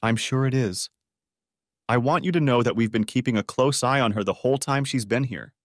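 A man's voice: mid-range voice, a little fast, dry recording, clean studio sound, natural voice. A man playing a polite county sheriff. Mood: courteous. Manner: polite, accommodating, formal. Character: courteous middle-aged male county sheriff.

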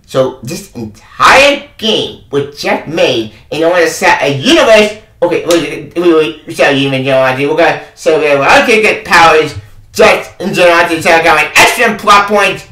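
A man's voice: on the high side, animated, moderate pace, pushed and bright, distant mic. A man ranting about a game he reviews, exasperated and swearing, often repeating himself. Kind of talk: angry review rant. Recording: echoey room, away from the mic.

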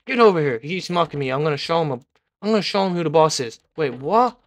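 A young man commenting live on his own gameplay, excitable and repeating words in bursts as he taunts other players. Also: on the high side, fast, dry recording. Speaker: gaming video creator.

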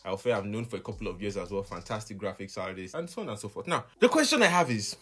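Animated man complaining in a vlog. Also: fairly low pitch, fast talker, hardly any pauses, breathy edge, faint music behind. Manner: animated, exasperated, laughing complaints. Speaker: vlogger and music minister. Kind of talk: casual vlog reaction.

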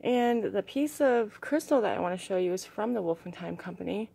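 A young woman vlogging casually as she shows her crystals and artwork, gushing and soft-spoken and often dropping to a hushed tone. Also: medium pitch, lively intonation, a little fast, creaky, slightly rough. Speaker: vlogger showing crystals and art. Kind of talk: casual show-and-tell vlog.

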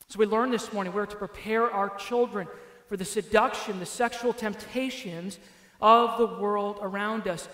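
A man's voice: high-pitched, steady tone, normal speed, a bit bright. A male pastor preaching a sermon emphatically, his voice rising and falling for emphasis. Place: church sanctuary. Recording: echoey church hall with long reverb.

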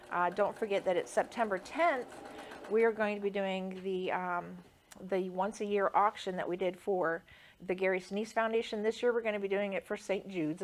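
A woman's voice: medium pitch, slight background noise. A woman quilter chatting casually through a sewing demonstration, rambling with lots of fillers.

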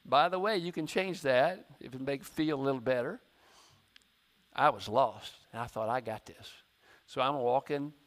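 A man preaches to his church. He tells a story from his own life and acts out his inner voice in the quoted lines, rising loud and high and then dropping low. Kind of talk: sermon.

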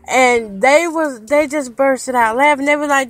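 A woman's voice: high-pitched, moderate pace. An older woman from North Carolina with a country Southern accent, chatting casually and unscripted to her vlog followers from her car. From North Carolina, USA. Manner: chatty, folksy, country talk with y'all. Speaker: vlogger, grandmother. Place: in her car during a rainy storm.

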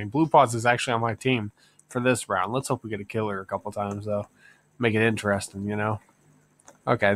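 A man giving gameplay commentary, excitable and swearing, yelling at enemies in mock rage. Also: mid-range voice. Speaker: gaming YouTuber.

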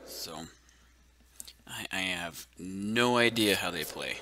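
A gaming channel host thinks aloud during a let's-play, easily amused by what he discovers. His voice is low, slow, pushed, and bright, with a little hiss or hum, and the game's soundtrack plays clearly behind him.

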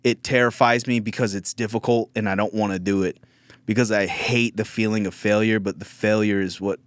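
A man with a fairly low voice hosts a casual podcast chat, telling candid, rambling stories peppered with swearing. His voice is close and dry on the mic. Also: steady tone, fairly quick, dry recording. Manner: candid, rambling, profane storytelling. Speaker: podcast host.

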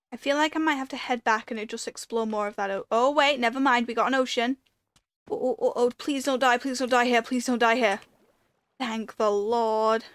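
A woman's voice: on the high side, fairly bright tone, smooth, dry recording. A woman giving casual commentary while playing a video game, talking to herself and breaking into panicked repeated pleas. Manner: chatty, rambling storytelling with fillers. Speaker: gaming video creator.

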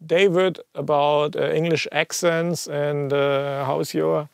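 A man's voice: on the high side, little pitch movement, slow pace, creaky, a little mellow, no echo, studio quality. A man with a German accent hosting a casual chat, joking and chatty. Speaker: host.

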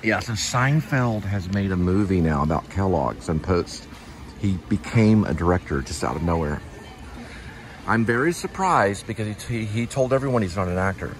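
A man's voice: low voice, animated, normal speed, a little hiss or hum. A man hosting a vlog, chatting casually and rambling with joking asides while he samples food in a large store. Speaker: vlog host.

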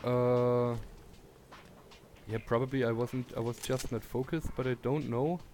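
A man's voice: medium pitch, fairly even intonation, a little slow, a little mellow, a little hiss or hum. Chatty male streamer. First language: German. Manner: chatty, laughs often, greets chat viewers. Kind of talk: casual gameplay commentary.

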